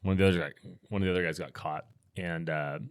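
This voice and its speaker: A middle-aged American man, a podcast guest, telling a long anecdote in a relaxed, rambling way. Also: sits low, fast, dry recording, clean studio sound. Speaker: podcast guest, firearms instructor. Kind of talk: casual storytelling in interview.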